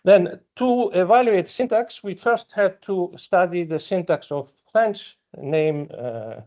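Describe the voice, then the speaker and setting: A man giving an academic conference talk, speaking as a with frequent fillers and pauses. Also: high voice, darkish tone, muffled recording. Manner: slow, halting, with many fillers. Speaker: conference presenter.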